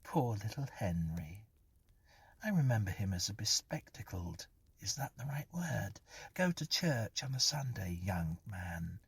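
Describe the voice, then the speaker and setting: A sly, mocking young ghost woman, as a man puts her on, light and raised in pitch with a breathy, husky edge. She teases and goads in a lively sing-song, and the storybook voice sits close and dry. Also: measured pace, dry recording, full character voice. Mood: gossipy. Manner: teasing, scornful, mischievous.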